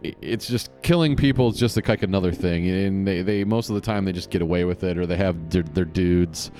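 A man's voice: low-pitched, a little fast, mellow, faint music behind. A man hosting a casual solo podcast, rambling, often restarting his sentences and swearing casually. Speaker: podcast host.

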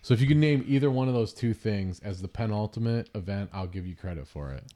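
A man co-hosting a podcast, chatting casually and recapping a TV show in a jokey, rapid-fire way. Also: lowish voice, expressive, mellow. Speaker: podcast co-host.

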